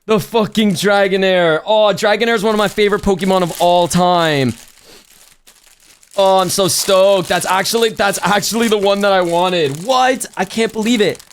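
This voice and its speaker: A young man live-streaming a haul and unboxing, chatting excitedly with his viewers. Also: sits high, normal speed. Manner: excitable, talks to chat.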